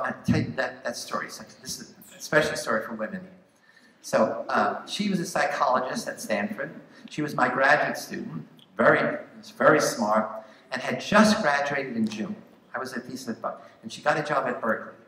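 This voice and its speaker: A man's voice: mid-range voice, a little hiss or hum. Older man telling a story in an echoey hall. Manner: animated storyteller acting out quoted voices. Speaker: guest speaker. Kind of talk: storytelling to students in Q&A. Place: large theatre hall.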